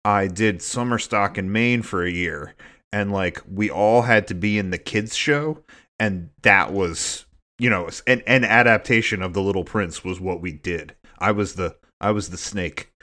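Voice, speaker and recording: A man co-hosting a podcast whose voice sits a little low. He rambles and often restarts his sentences in relaxed, casual chat. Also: measured pace. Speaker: podcast co-host.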